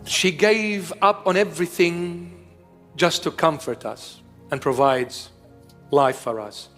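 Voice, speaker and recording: A man's voice: on the high side, slow, fairly bright tone, long reverb tail, faint music behind. A man in his fifties delivering an emphatic sermon, repeating his key phrases. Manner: emphatic, repetitive preaching. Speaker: preacher.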